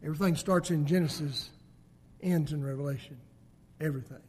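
A man preaching a sermon, swinging between loud emphatic peaks and hushed low endings. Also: a little fast, husky.

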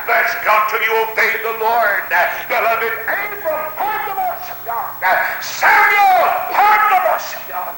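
A high, sharply bright male voice preaching a fervent sermon, peppered with "uh" and "hallelujah" and swelling into shouts. It rings through a very echoey hall with a faint hiss behind it. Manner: emphatic, with frequent "uh" and "hallelujah" interjections.

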